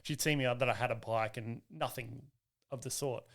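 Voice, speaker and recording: A man, a guest on a podcast, telling stories in a lively, casual way with many restarts. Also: medium pitch, moderate pace, vocal fry. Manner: lively, acts out quoted voices, frequent restarts. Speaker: guest, motocross riding coach. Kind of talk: casual storytelling in a podcast chat.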